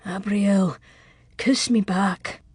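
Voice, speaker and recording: A woman's voice: no room sound, studio quality, natural voice. A woman voicing a proud Scottish nobleman with a thick burr. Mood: ardent. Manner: low and measured, softly insistent. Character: proud, intense Scottish nobleman, adult man. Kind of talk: audiobook character voice.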